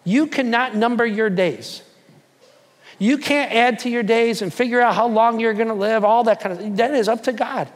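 A man preaching a sermon to a church, emphatic and repetitive, sinking into soft prayer. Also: very high voice, big-room sound. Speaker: pastor. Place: church hall.

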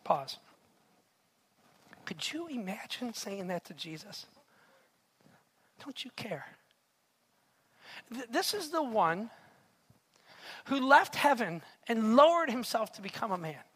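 A man preaches a sermon in an animated storytelling manner. He keeps turning to his listeners with rhetorical asides and questions. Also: sits high, unhurried, long pauses, breathy edge. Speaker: pastor.

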